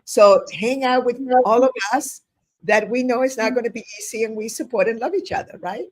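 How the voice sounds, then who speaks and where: A woman's voice: on the high side, a little fast, darkish tone. A woman in her seventies, a guest on an interview over a video call, talking in an effusive, rambling way. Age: 70s. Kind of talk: casual interview talk.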